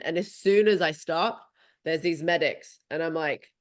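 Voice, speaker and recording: A woman in her thirties hosting a podcast, telling a story in a lively, casual way and swearing freely. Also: sits low, moderate pace. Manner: animated, swearing freely, acting out her own thoughts. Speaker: podcast host.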